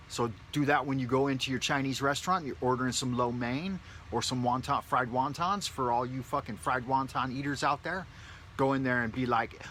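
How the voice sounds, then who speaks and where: A man vlogs from his home and talks in a loose, rambling, joking way, swearing casually as he goes. His voice is bright and forward, with a mid-range pitch. A faint background noise sits under his voice. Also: normal speed. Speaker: vlogger. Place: his home in a big city.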